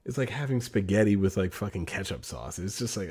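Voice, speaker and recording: A man's voice: lowish voice, lively intonation, a little fast, a little mellow, slightly rough. A man co-hosting a casual music podcast, bluntly and sarcastically trashing an album, swearing often and stumbling over restarts. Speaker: podcast co-host. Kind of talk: casual album review chat.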